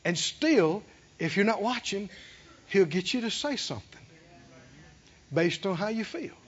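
A man preaching a sermon, fervent and rising to emphatic shouts. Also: high voice, very animated, a little slow. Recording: dull lo-fi sermon recording.

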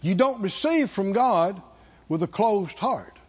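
A man's voice: high voice, expressive, slow, dull audio. A man preaching a sermon to a church congregation, leading call-and-response and stretching out repeated phrases for emphasis. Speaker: pastor.

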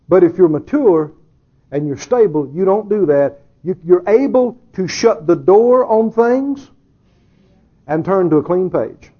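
Husky-voiced, joking male preacher. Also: high voice, animated, unhurried, lo-fi sound. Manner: humorous, chuckling, asks rhetorical questions. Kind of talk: sermon.

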